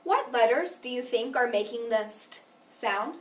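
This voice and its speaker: A woman teaching a phonics lesson, speaking clearly and deliberately and stressing each example word. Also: on the high side, animated. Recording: echoey room, mic at a distance.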